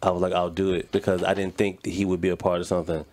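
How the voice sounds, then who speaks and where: A man appearing as a comedian guest on a radio talk show, telling stories in a quick, emphatic way. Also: sits low, level tone, darkish tone. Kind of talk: casual studio chat. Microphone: studio microphone.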